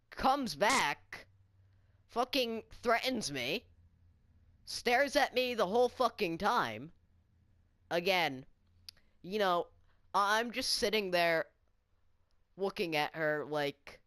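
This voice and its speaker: A woman's voice: mid-range voice, a bit bright, no room sound, studio quality. A woman telling a story-time vlog in an indignant, incredulous rant, swearing often. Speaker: student vlogger.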